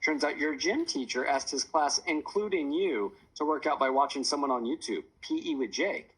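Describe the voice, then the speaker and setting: Brief: upbeat teasing mother of three, a man doing her, lightly husky and raised. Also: on the high side, normal speed, a bit bright, pitched above the performer's own voice, poor audio. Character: playful energetic mother of three, woman.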